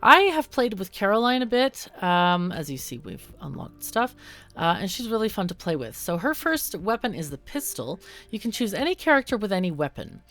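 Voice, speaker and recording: A woman's voice: medium pitch, very animated, normal speed, a bit bright. A woman hosting a casual let's-play, chatting through the game with lots of ums and self-corrections. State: hiccuping. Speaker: gaming channel host.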